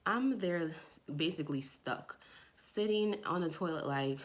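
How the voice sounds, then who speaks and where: A young woman telling a personal story to her camera in a casual, lively way. She jumps into higher voices when she quotes people. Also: unhurried, background noise. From Jamaica. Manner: animated, acts out quoted friends in a raised voice. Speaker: vlogger.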